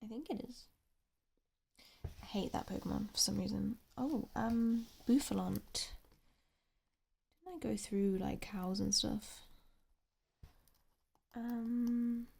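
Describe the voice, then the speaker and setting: A young English woman speaking softly in ASMR style, murmuring to herself as she tries to recall names. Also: fairly high pitch, takes it slowly, vocal fry, long pauses, slightly rough. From England. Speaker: ASMR creator. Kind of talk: soft-spoken ASMR.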